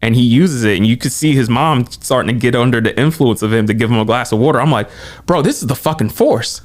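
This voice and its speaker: A man co-hosting a podcast, talking quickly and excitedly in casual movie chat and acting out quotes as he goes. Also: mid-range voice. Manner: excited, animated retelling with quoted asides. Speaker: podcast co-host.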